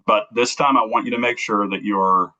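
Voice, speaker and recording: A man from Kansas City telling an emotional personal story as a guest, earnest and halting, acting out the dialogue he quotes. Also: fairly low pitch, fairly even intonation, sharp tone. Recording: dull lo-fi recording.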